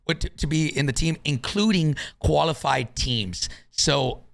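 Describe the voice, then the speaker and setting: Gravelly-voiced man chatting casually. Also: a little high, a little slow. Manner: reads rules aloud, swears casually. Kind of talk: casual gaming podcast chat.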